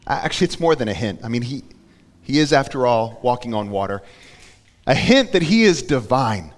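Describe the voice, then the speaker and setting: A male pastor preaching a sermon in a conversational way, asking the congregation questions and building to loud, emphatic peaks. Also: medium pitch, sing-song, brisk, big-room sound. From Florida.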